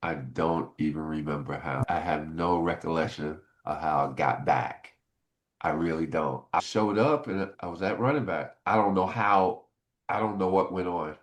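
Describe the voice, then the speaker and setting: A middle-aged man, a former football player, telling stories in a casual interview and getting animated as he recalls his frustrations. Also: normal speed. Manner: animated, jumps high in pitch when retelling frustration.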